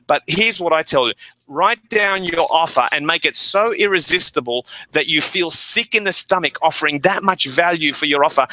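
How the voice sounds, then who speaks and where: An animated male guest who drops into the voices of the people he quotes as he tells his stories. His voice sits a little high and sounds strikingly bright and forceful. The recording is close and dry. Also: no room sound, rough recording. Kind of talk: energetic storytelling.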